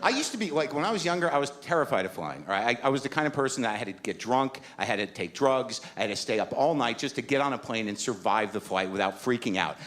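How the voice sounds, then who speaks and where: A man's voice: mid-range voice, lively intonation, quick pace, hardly any pauses, fairly bright tone. A middle-aged man performing stand-up comedy, telling a story in a rambling, anxious and emphatic way. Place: comedy stage.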